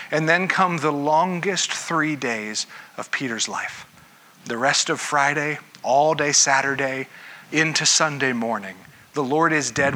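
A man's voice: on the high side, bright, forceful tone. A man preaching a sermon in a conversational way, often stopping to ask his listeners questions. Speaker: pastor. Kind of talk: interactive sermon.

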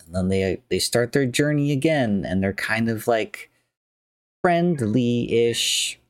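A man's voice: mid-range voice, lively intonation, slow pace, no echo, studio quality. A man casually retelling a film's plot, chatty and rambling, with many fillers.

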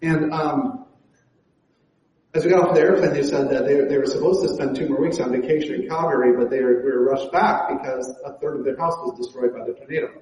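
Man, pastor, conversational sermon, mellow tone, lots of ums and restarts, echoey church hall. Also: medium pitch, fairly even intonation, fairly quick, muffled recording. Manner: conversational preaching with frequent fillers and restarts.

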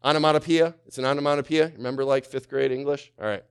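A male pastor preaching a sermon, swinging from loud to hushed, firing rhetorical questions and calling on the congregation to answer. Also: mid-range voice, steady tone, quick pace, clear, resonant tone. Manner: asks many rhetorical questions.

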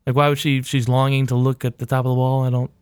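A man's voice: mid-range voice, level tone, quick pace, darkish tone, clear, resonant tone, no echo, clean studio sound. Casual, profane male podcast host. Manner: loose and profane, many filler uhs. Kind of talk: casual chat.

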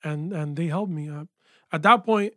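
A man with a high-pitched voice tells his story as a guest in a relaxed interview. He talks with animated energy and leans on "yo" and "like" often. The sound is dry and close, as in a small studio. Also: normal speed, no room sound. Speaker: guest, music producer and engineer. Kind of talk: casual interview chat.

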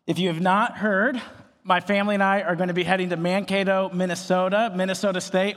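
A man preaching a sermon as a pastor, energetic and joking as he tells stories. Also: sits high, a little fast, big-room sound. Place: church.

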